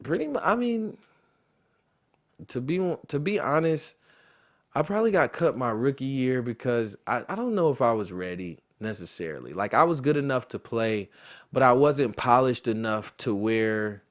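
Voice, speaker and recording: A young man in his twenties tells a story from his own life in a relaxed, conversational way, with a voice of middle pitch. He gets animated as he goes and acts out the voices of the people in the story. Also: moderate pace. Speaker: interview guest, football player. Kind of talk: casual storytelling.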